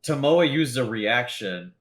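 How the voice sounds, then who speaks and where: A man's voice: medium pitch, animated, measured pace. A man running a tabletop game as game master, narrating loosely with lots of fillers and laughs.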